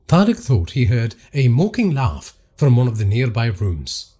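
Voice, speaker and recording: A man narrates a horror tale with dramatic expression. His voice is husky and mellow, and its pitch moves in an animated way. The pitch sits in a middle range. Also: measured pace.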